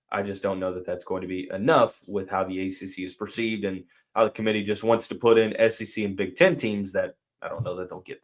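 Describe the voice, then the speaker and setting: A young man hosting a sports podcast, chatting casually and thinking aloud with fillers and restarts. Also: mid-range voice. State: has the hiccups. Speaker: podcast host.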